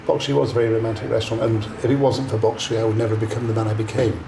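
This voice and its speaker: A man's voice: fairly low pitch, level tone, very fast, creaky. An older man chef, interviewed, talking in a blunt, chatty way with anecdotes. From England. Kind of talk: casual interview. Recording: echoey room with background noise.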